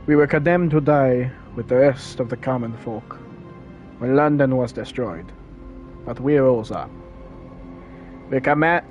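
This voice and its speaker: A man's voice: mid-range voice, a little mellow, lightly acted. Defiant male rebel leader, solemn and rousing, with an assumed accent, put on by a man.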